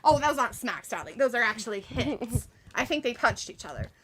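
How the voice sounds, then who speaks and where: A woman's voice: on the high side, sing-song, brisk, background noise. A woman hosting a wrestling watch-along stream, commenting playfully, teasing people and calling them darling. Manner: teasing, calls people darling, giggly asides. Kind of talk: playful live commentary and chat reading.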